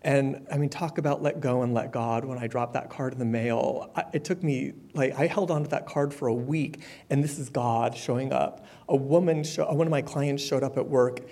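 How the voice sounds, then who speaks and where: A man's voice: mid-range voice, normal speed, hardly any pauses. Man sharing a candid recovery story. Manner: candid and conversational, with fillers and soft laughs. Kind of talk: personal testimony at a support meeting.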